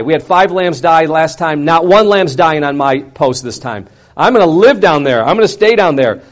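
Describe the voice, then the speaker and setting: A man preaching, telling a personal story in an animated way with wide swings between loud and quiet. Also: fairly high pitch, normal speed. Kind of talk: sermon storytelling.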